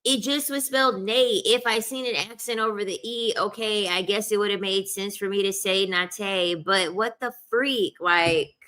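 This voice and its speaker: A woman's voice: medium pitch, normal speed, hardly any pauses, sharp tone. A woman chatting casually to her viewers, emphatic and repeating herself, laughing often. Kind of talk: casual chat to camera.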